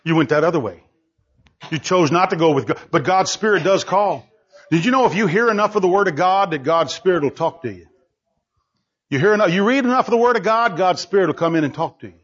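A male preacher giving an emphatic sermon full of rhetorical questions, swinging between loud and hushed delivery, on a dull lo-fi recording. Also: high-pitched, animated, fast, breathy edge.

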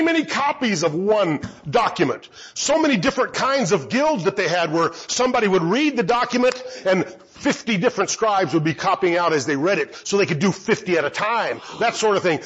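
Man, Bible teaching talk, husky voice, rhetorical questions answered himself, dull lo-fi recording. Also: high-pitched, a bit bright.

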